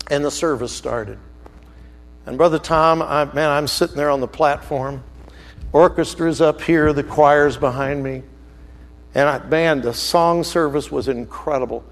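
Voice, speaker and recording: A man preaching a sermon as a story, animated, swinging from loud outbursts to hushed, slow emphasis. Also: on the high side, big-room sound.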